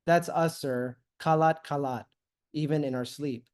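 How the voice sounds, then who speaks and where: A man reading as a gentle Filipina helper. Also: a little high, steady tone, unhurried, smooth, close to an everyday voice. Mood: earnest. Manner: earnest, addressing a listener as sir. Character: Filipina helper woman, gentle and sing-song.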